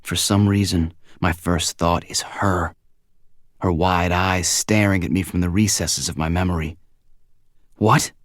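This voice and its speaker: Deep-voiced man narrating an audiobook. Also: steady tone, a little slow, no echo, clean studio sound. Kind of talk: first-person audiobook narration.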